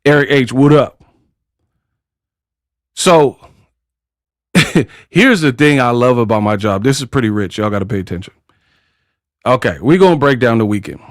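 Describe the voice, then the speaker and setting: A man's voice: mid-range voice, expressive, moderate pace, long pauses, no echo, clean studio sound. A man hosting a casual boxing commentary vlog, talking in brash, slangy trash talk. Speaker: boxing commentary channel host.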